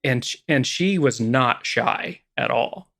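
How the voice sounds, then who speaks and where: A man's voice: mid-range voice, animated, takes it slowly, creaky, fairly bright tone. A man co-hosting a podcast, telling a rambling, self-deprecating story in casual chat. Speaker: podcast co-host.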